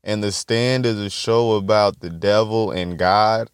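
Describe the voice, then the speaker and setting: A man's voice: lowish voice, fairly even intonation, a little slow, clear, resonant tone, dry recording, studio quality. A young man hosting a solo podcast, telling stories in a loose, profane, rambling way and laughing often. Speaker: podcast host. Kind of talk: casual solo podcast storytelling.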